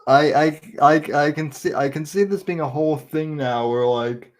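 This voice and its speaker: A man's voice: a little high, normal speed. A man co-hosting a podcast, chatting casually and often restarting his sentences. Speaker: podcast co-host.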